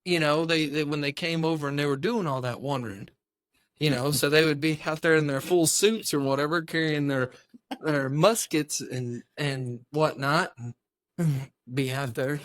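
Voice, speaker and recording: A man's voice: fairly high pitch, steady tone, normal speed, a bit bright, dry recording, studio quality. A young man co-hosting a podcast, telling rambling stories with lots of laughs and the odd silly voice. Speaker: podcast co-host. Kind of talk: casual chat.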